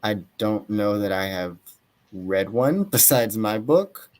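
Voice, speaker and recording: Low-voiced young man, losing his voice. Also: expressive, slow, darkish tone. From Atlanta, Georgia. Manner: thoughtful, hedging, frequent fillers. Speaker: author guest. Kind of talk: casual interview talk.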